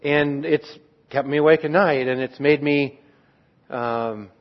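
A man preaching an earnest, reflective sermon on a psalm as a pastor, trailing off softly at times. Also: a little high, steady tone, unhurried. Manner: earnest, reflective, with restarts and soft trailing endings. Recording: dull lo-fi sound.

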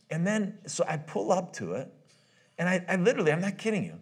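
A man's voice: high-pitched, sing-song, husky. A middle-aged man speaking at a church marriage conference, telling personal stories in a loose, conversational sermon, often laughing at his own tales and restarting his sentences. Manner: loose, halting delivery with many restarts.

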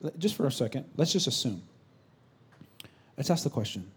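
Male pastor, 30s, husky voice, preaching a sermon in church; dynamic, from shouted lines to whispers. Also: medium pitch, very animated, normal speed. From California. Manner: swings from loud exclamation to soft whispered asides. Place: church sanctuary.

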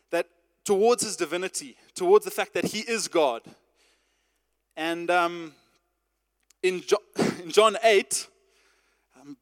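A man preaching a sermon in a conversational way, with false starts and asides to the congregation. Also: high-pitched. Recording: long hall reverb.

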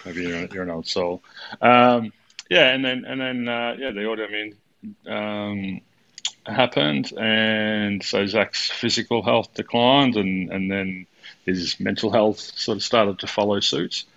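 A man's voice: on the low side, takes it slowly, creaky, fairly bright tone, no room sound, dull audio. A man co-hosting a podcast, rambling casually with many fillers. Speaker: podcast co-host, coach.

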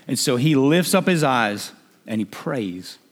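A man preaching a sermon, emphatic and building to shouts. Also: mid-range voice, sing-song, measured pace. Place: church hall. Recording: long hall reverb.

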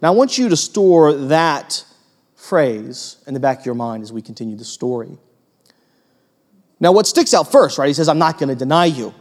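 A man preaching a sermon as pastor, animated, acting out quoted voices and putting questions to the congregation. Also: on the high side, moderate pace, pauses often. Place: church hall with long reverb. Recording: long hall reverb.

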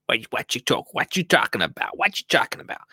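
A man putting on a swaggering mafia heavy, hectoring in tough street talk. The voice is bright and forceful, and the sound is close and dry with no room around it. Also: mid-range voice, big pitch swings, fast talker, husky, dry recording, full character voice. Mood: menacing.

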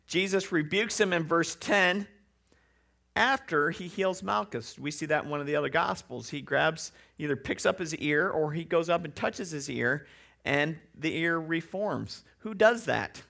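Gravelly, bright-voiced male preacher. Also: a little high, a little slow. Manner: conversational, with joking asides and rhetorical questions; acts out quoted voices. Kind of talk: sermon.

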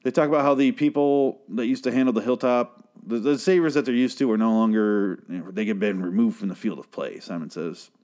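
Rambling profane man, low voice. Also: fairly quick, few pauses, darkish tone. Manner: profane, self-interrupting, laughs often. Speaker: show recap commentator. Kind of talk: casual rambling recap.

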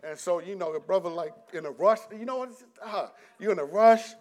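A middle-aged man preaching a conversational sermon, often restarting his sentences and swinging between loud and hushed delivery. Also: high-pitched, a little fast.

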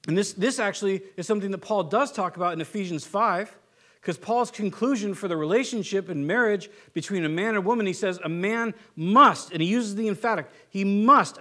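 A man with a high voice preaches in an easy, conversational way. He circles back on his phrases, stumbles through restarts, and drops into quick mock voices to land his points. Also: fairly bright tone. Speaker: pastor. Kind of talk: sermon.

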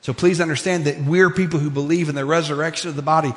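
A male pastor delivers a sermon in a casual, animated way, slipping in fillers as he retells the story. His voice sits a little higher than most men's. The sound carries a long reverb from the church sanctuary. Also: fast.

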